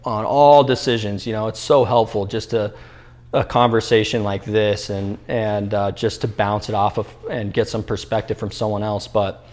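A man in his twenties, an entrepreneur guest in a podcast interview, telling his story in a lively way, acting out quotes with many fillers and restarts. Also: on the low side, normal speed. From New Mexico, US. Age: 20s.

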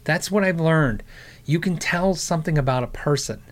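A man's voice: fairly high pitch, moderate pace. A middle-aged man hosting a talk show, telling a long story in a rambling, sarcastic way, with many fillers and chuckles. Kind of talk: casual storytelling chat.

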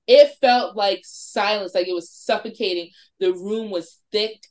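A woman in her forties from New York, her pitch sitting in an ordinary middle range, spins a spooky story as a podcast guest. She talks in a lively way, swears freely and acts out her friends' voices. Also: measured pace. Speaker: podcast guest, wine shop owner.

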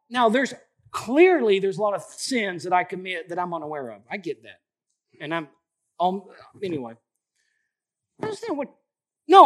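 Man, late forties, pastor, sermon, high-pitched, animated, casual, emphatic repetition. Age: 40s. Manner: animated, colloquial preaching with repeated emphatic phrases.

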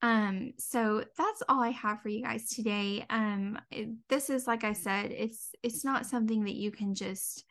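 A woman's voice: fairly high pitch, steady tone, measured pace, hardly any pauses, a bit bright. A woman hosting a podcast as a dietitian and mindset coach, talking earnestly with lots of "um" and "you know". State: tearing up, near crying. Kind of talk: heartfelt solo podcast talk.

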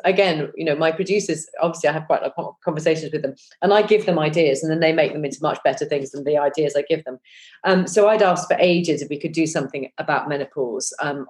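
A woman in her fifties talks as a guest in a relaxed interview, her voice sitting a little low. She rambles warmly through fillers and restarts and laughs at herself. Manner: chatty, self-deprecating, many fillers and restarts. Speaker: podcast guest, former breakfast TV presenter. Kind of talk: casual interview chat.

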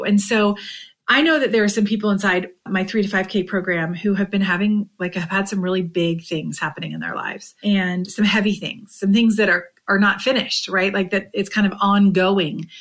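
A woman hosting a podcast, talking without a script in an earnest, heartfelt way; she is tired and emotional, and often drops to a soft near-whisper. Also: mid-range voice, fairly even intonation, normal speed. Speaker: podcast host and direct sales coach. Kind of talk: unscripted motivational podcast monologue.

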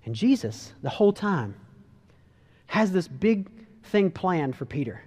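A man preaching a casual, animated sermon, telling a story and acting out the voices. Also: high voice, a little slow, big-room sound. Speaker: pastor.

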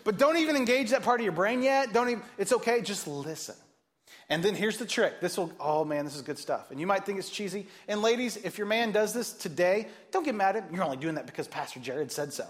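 This is a male pastor preaching to his congregation, his pitch bouncing widely from phrase to phrase. He sits a little higher than most men and keeps the talk playful, slipping into other people's voices as he tells his stories. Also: fairly quick. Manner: animated, joking, acts out quoted voices. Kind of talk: sermon.

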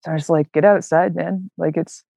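Animated young woman, chatty, filler-heavy. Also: fairly low pitch, moderate pace, gravelly, dry recording. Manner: animated, many fillers like "like" and "man", acts out quoted voices. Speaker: interview guest, long-distance hiker. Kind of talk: casual storytelling interview.

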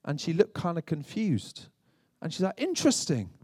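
A man's voice: fairly high pitch, moderate pace, warm tone, dry recording, clean studio sound. A British man preaching as a pastor, telling light humorous stories with chatty asides to his congregation. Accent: British English. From Britain. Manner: chatty, self-deprecating storytelling with asides to the congregation. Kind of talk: humorous sermon.

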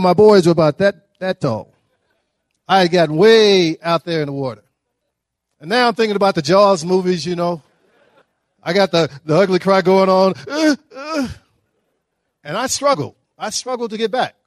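A middle-aged man from Dallas, giving a humorous, animated motivational speech as a guest speaker. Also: high-pitched, dry recording, clean studio sound. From Dallas, Texas. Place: breakfast event hall.

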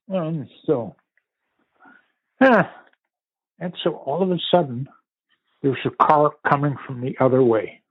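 An older man from Canada recounting a family story in conversation, unhurried and vivid, with pauses and restarts. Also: a little high, expressive, slightly rough, no room sound. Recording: tinny phone-like line, dry.

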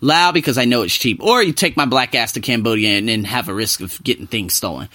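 A young man chatting casually to his viewers as a vlogger, animated and talkative, jumping between loud bursts and quiet asides. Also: medium pitch, brisk, no room sound, studio quality. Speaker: vlogger living abroad. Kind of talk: casual talk to camera.

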